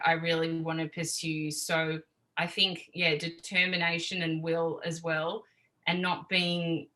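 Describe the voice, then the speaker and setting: A woman's voice: fairly low pitch, rough recording. A woman, a podcast guest talking openly and emotionally in casual interview chat. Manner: emotional, openly expressive, laughs easily.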